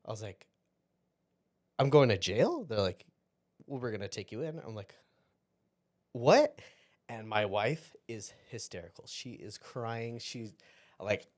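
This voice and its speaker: A man's voice: fairly low pitch, moderate pace. Easygoing man telling a story. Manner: rambling, self-interrupting anecdote with quoted dialogue. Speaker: podcast guest. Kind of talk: casual storytelling.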